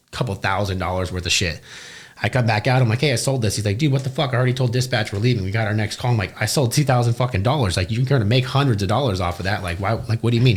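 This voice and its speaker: Fast-talking, profane man telling stories. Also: fairly low pitch. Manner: fast, profane, animated storytelling. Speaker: guest, business owner. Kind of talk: casual interview storytelling.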